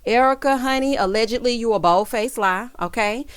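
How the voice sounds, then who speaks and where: A woman with a somewhat high voice runs through a reality TV episode in a sassy, gossipy way. She calls her viewers "honey" and "child" and teases every twist. The sound is close and dry. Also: normal speed, clear, resonant tone, no room sound. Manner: dramatic, teasing emphasis. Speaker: reality TV recap vlogger. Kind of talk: gossipy episode recap commentary.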